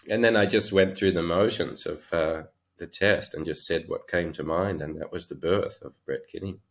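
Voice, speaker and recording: Aussie guy w a really low voice, rambling through stories, lots of ums and little laughs. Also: normal speed, gravelly. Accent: Australian. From Australia. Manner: chuckling, loose anecdotal delivery with many fillers. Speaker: podcast guest, horse trainer. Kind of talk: casual interview storytelling.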